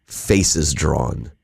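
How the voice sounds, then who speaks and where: A man's voice: very deep voice, creaky, darkish tone, slightly rough. A man co-hosting a podcast, talking in brash, mocking casual banter and dropping into silly voices. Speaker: podcast co-host.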